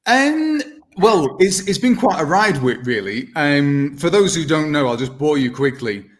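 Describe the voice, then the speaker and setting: A man's voice: a little high, animated, moderate pace. A British man in his thirties, a guest impressionist chatting casually with many restarts. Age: 30s. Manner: rambling, self-deprecating, many restarts. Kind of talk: casual video-call chat.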